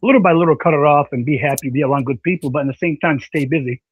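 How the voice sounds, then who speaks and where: A man hosting a casual online panel chat, rambling and animated with many fillers. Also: on the high side, rapid-fire, slightly rough, no echo. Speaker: panel stream host. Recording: slightly dull dry audio.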